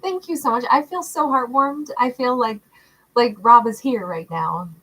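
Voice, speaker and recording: A woman's voice: on the high side, moderate pace, low-quality recording. Affectionate woman greeting livestream viewers. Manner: warm, affectionate, calls viewers love and honey; laughs often. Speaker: tarot livestream host. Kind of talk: casual livestream chat reading out viewer comments.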